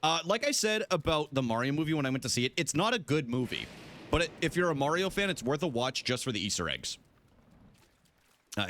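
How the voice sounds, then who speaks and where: Lively casual male streamer. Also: medium pitch. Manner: lively, laughs often, chats with viewers. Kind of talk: casual live-stream chat.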